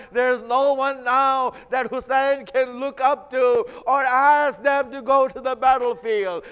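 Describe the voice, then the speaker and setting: High-voiced grieving man preaching in a hall. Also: fairly bright tone, clean tone. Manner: grieving, repetitive, breaks into sobs. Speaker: speaker at a mourning gathering. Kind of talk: emotional sermon recitation. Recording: echoey hall, slightly dull sound.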